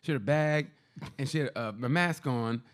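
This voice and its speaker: A man's voice: mid-range voice, smooth. A man co-hosting a comedy podcast, telling rambling stories in a casual chat. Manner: animated storytelling, quick and rambling with laughs.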